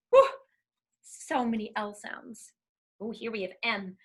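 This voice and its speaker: A woman's voice: medium pitch, unhurried. A woman reading a children's alphabet book aloud, sounding out letters in a playful, sing-song teacher's manner.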